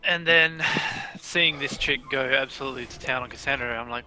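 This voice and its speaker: A man's voice: medium pitch, fairly even intonation, brisk, creaky, few pauses, pushed and bright. A man playing his character at a casual tabletop game, talking eagerly about his moves. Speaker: player.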